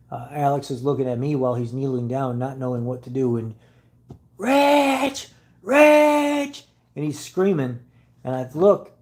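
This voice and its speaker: A man with a dark, mellow voice chats casually with his viewers. He rambles earnestly through his stories, stopping often on "uh" and "um" as he gathers his thoughts. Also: medium pitch, rough recording. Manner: rambling, hesitant, with many fillers; earnest storytelling. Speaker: car channel host.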